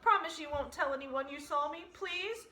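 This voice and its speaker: A jolly, booming Santa Claus, put on by a woman reading aloud, laughs his ho-ho-ho high and bright. The storybook voice rings in an echoey room with faint music behind. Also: moderate pace.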